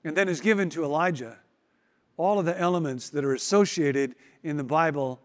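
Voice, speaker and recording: Male pastor, higher voice, sermon, wry and emphatic, long reverb. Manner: dramatic pauses, emphatic and wry.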